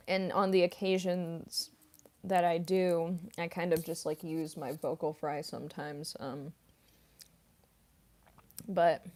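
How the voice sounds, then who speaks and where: Brief: young woman streamer, slow laid-back delivery, rambling, giggly, mid-pitched. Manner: rambling, frequent fillers and giggles. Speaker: voice actress and singer streaming. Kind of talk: casual livestream Q&A chat.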